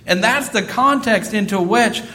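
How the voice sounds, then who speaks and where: A man's voice: high-pitched, a little slow, sharp tone. A man in his thirties preaching a sermon, earnest and repeating phrases for emphasis. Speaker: pastor.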